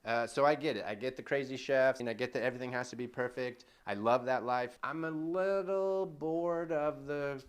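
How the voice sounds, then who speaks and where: Male podcast co-host, mid-pitched and eager, prone to long rambles. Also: normal speed, hardly any pauses, clear, resonant tone. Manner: enthusiastic, rambling, tangent-prone. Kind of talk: casual podcast chat.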